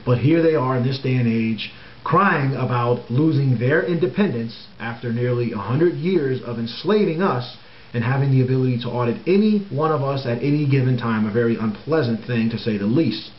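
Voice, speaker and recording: A man's voice: mid-range voice, normal speed. Insistent man in a roomy, dull recording. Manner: insistent, repeats key words for stress. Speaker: political commentator. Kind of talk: emphatic monologue vlog. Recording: roomy, dull, faint hiss.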